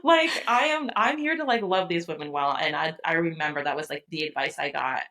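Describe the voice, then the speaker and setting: Female guest, therapist type. Lower register, casual, rapid, filler-heavy chat. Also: poor audio. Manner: rapid, animated talk full of "like" fillers. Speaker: guest, therapist and business owner.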